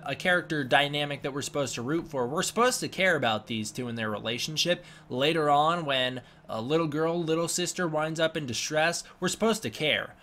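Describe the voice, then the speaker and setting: A man's voice: a little high, bright, forceful tone, slight background noise. A man giving a casual, sarcastic spoken movie review, often mocking the characters in silly voices.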